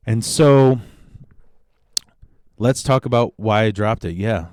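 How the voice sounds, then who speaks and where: A man hosting his own podcast, a stand-up comedian from the Chicago area, telling stories in a profane, animated monologue with sudden excited outbursts. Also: fairly low pitch, slow, pauses often, smooth, no room sound, clean studio sound. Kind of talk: casual solo podcast monologue.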